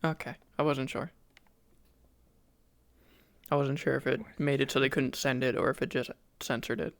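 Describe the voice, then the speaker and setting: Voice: mid-range voice, steady tone, moderate pace, creaky, dry recording. A streamer chatting casually and hesitantly between roleplay scenes. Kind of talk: casual out-of-character chat.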